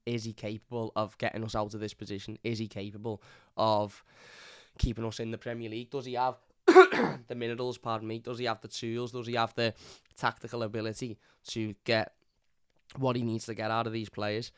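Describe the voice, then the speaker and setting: A man's voice: lowish voice, flat delivery, brisk, smooth, dry recording, studio quality. A man hosting a live football fan review, frustrated, stumbling over and repeating his words and scolding his chat. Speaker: fan channel host.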